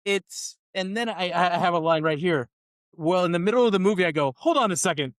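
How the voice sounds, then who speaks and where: High-pitched male co-host, ranting and exasperated, dry close mic; casual podcast review. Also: brisk, smooth, dry recording. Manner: ranting, exasperated, quotes lines in mocking voices. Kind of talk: casual movie review chat.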